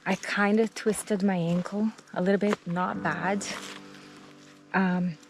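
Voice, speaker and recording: A woman's voice: medium pitch, fairly even intonation, slow, over music, rough recording. A woman vlogging while hiking outdoors on a mountain trail, out of breath, chatty and exclaiming. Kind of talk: casual trail vlog.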